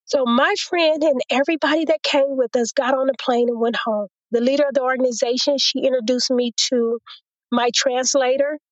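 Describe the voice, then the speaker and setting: A woman's voice: high-pitched, normal speed, no room sound, dull audio. A woman guest in an interview, telling a personal testimony and acting out what others said to her. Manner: storytelling, quotes others in a lively retelling.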